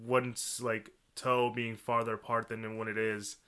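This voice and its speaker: A man co-hosting a podcast, discussing a film in casual chat, halting and restarting as he searches for words. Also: on the low side, level tone, bright, forceful tone, clean tone. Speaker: podcast co-host.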